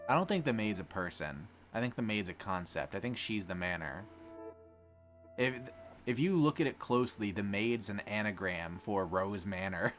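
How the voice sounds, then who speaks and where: A man casually reading through a visual novel for his stream, joking, swearing and getting excited. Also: on the low side, moderate pace, soft background music. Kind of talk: casual let's-play commentary.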